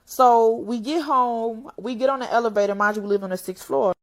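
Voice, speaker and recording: A woman's voice: fairly high pitch, brisk. Young woman, blunt emotional storytime. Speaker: vlogger. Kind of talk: candid storytime.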